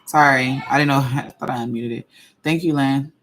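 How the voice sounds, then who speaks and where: A woman hosting her own channel, talking in a casual livestream and venting slowly and deliberately, circling back to repeat her points. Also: a bass voice, fairly even intonation, a bit bright. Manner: slow, measured venting, repeats herself. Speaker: channel host.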